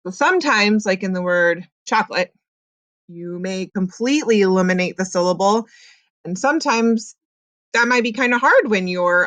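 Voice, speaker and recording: A woman's voice: medium pitch, a bit bright, dry recording. Patient woman teacher, dry close sound. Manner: patient, explains slowly with many ums. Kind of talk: recorded classroom lesson.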